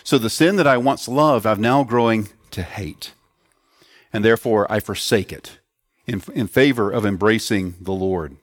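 A man's voice: on the low side, moderate pace, no room sound. Man preaching a dry, close sermon. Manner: earnest teaching tone with questions to the children. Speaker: pastor. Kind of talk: sermon to children and adults.

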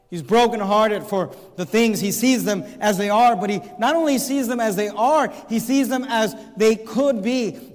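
A man preaching a sermon, reading scripture aloud and building to emphatic, shouted points. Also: high voice, big-room sound. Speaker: pastor.

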